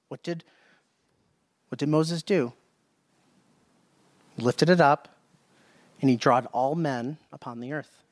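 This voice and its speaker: High-voiced man preaching a sermon. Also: takes it slowly, pauses often. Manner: emphatic, repeats phrases, reads scripture aloud.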